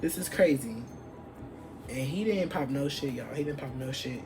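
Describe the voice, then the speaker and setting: A young adult woman vlogger telling an animated, profane story from her past and acting out what people said. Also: rumbling low, a little fast, gravelly, music in the background. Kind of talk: storytime vlog.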